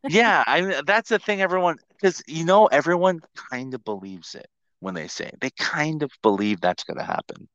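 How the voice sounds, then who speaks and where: A man's voice: fairly high pitch, lively intonation, normal speed, fairly bright tone, muffled recording. A man in his forties hosting a podcast, talking in a casual, profane, ranting way. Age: 40s. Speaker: podcast host.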